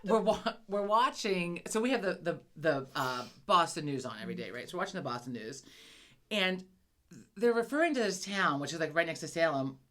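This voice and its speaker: This young woman talks at a quick clip with a bright, forceful voice. Her pitch swings high and low as she tells stories. She throws in swearing and loud acted-out quotes. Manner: animated storyteller, swears a lot, acts out quotes loudly. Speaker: podcast co-host. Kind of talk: casual chat.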